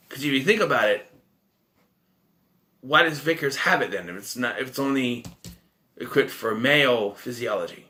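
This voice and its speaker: A man's voice: mid-range voice, expressive, normal speed, long pauses, bright, forceful tone. A man giving a casual spoken movie review, recapping the plot in a rambling way, correcting himself and tossing in wry asides. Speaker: film reviewer.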